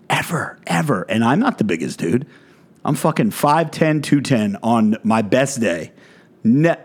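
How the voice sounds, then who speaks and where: A man's voice: mid-range voice, darkish tone. Man ranting with heavy profanity. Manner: profane, blunt, aggressive. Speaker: fitness content creator. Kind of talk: ranting vlog monologue.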